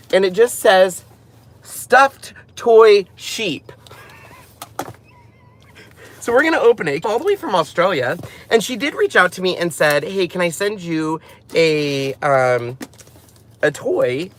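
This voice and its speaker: A man's voice: high voice, animated, normal speed, fairly bright tone. A man in his thirties hosting a casual live stream about his craft channel, chatty and rambling, often laughing as he talks.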